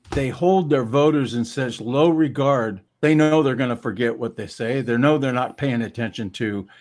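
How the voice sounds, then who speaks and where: A laid-back man who hosts a live stream. He speaks at a middle pitch in an easygoing voice and often answers with short agreeing replies. The tone is casual, conversational and unhurried. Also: darkish tone. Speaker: cartoonist and show host.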